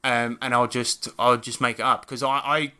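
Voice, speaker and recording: A man with a bright, forceful voice chats on a gaming podcast. He tells stories animatedly, laughing and swearing as he goes. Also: medium pitch, moderate pace. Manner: animated storyteller, swears freely, laughs often. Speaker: podcast co-host and game master. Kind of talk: casual chat.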